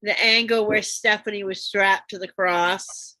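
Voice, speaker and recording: A woman's voice: mid-range voice, steady tone, measured pace, sharp tone, no room sound, low-quality recording. A woman co-hosting a wrestling podcast, chatting casually and chiming in with short remarks and corrections. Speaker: podcast co-host. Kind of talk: casual chat.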